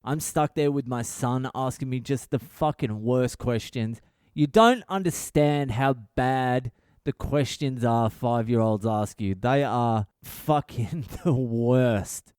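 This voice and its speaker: A foul-mouthed comedian man from Australia, in his thirties, tells his story in a rambling, exasperated rant. His voice is mellow and smooth. The podcast mic sounds close and dry. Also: mid-range voice, takes it slowly, no echo. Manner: swears constantly, rambling and exasperated. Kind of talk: comic storytelling monologue.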